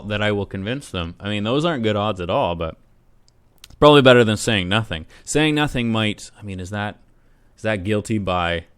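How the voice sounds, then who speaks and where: A man's voice: lowish voice, fairly bright tone, clear, resonant tone, no echo. A man playing a video game, reading the game's text aloud and adding wry asides. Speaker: game streamer. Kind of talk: let's play narration and commentary.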